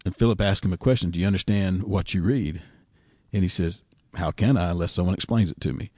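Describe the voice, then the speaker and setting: Man, pastor, low voice, dry close sound, folksy storytelling. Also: fast talker, darkish tone, slightly rough, dry recording. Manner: folksy storytelling, repeats words when starting. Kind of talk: casual podcast discussion.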